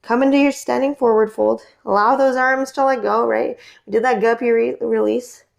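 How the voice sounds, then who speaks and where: A young woman teaching a guided yoga class, giving gentle cues and asking encouraging check-in questions as she leads through poses. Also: a little high, fairly even intonation, moderate pace, gravelly. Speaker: yoga instructor.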